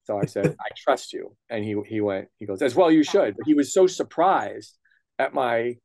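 A middle-aged man, a comics writer and colorist, tells stories as an interview guest at normal speed in a creaky, mid-range voice, recorded dry. He acts out the conversations he quotes with lively energy and swears casually.

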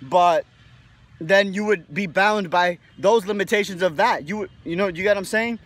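A man's voice: sits high, moderate pace, fairly bright tone, no room sound. A young man giving a casual, rambling motivational monologue to his viewers, swearing freely and tagging sentences with "right?". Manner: rambling, profane, lots of "right?" tags. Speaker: video host.

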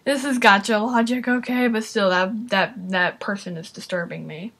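A woman's voice: medium pitch, normal speed, slightly rough. A woman giving casual reaction commentary to a video, exclaiming often and talking straight to her viewers. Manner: excitable, exclaims and talks to viewers.

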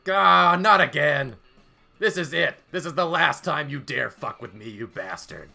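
A man's voice: mid-range voice, moderate pace, pushed and bright, soft background music, natural voice. A man voicing a hot-tempered young male demon student, ranting and screaming. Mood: enraged.

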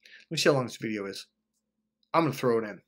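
A man in a passionate, profane motivational monologue, acting out quoted voices and swinging between loud urging and low muttering. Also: animated, quick pace. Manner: acts out quoted voices of himself and others. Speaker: self-help vlogger.

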